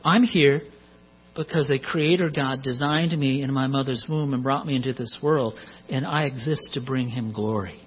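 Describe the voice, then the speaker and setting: A man's voice: medium pitch, moderate pace, slightly rough. A middle-aged man preaching a sermon in a conversational way, with joking asides, on a muffled recording with mains hum.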